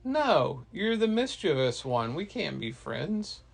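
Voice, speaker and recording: A man's voice: fairly high pitch, takes it slowly, gravelly, pitched above the performer's own voice, heavily acted. A man voicing a clever, sassy little girl who teases in a singsong way for a bedtime story. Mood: teasing.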